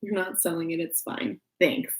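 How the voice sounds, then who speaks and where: A young woman with a Texan drawl chats loosely on a home crafting livestream, full of fillers, restarts and giggles. Her voice sits a little low. The room around her is echoey. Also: steady tone, moderate pace. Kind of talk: casual livestream chat. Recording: roomy home echo.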